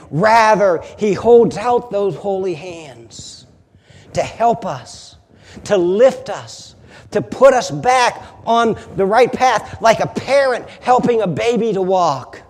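A man preaching a sermon as a pastor, emphatic, building louder on repeated phrases. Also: sits high, expressive, takes it slowly, in a large hall.

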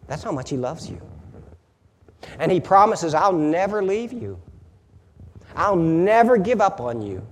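A man preaching a sermon as a pastor, emphatic, building louder on repeated phrases. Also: medium pitch, big-room sound, slight background noise.

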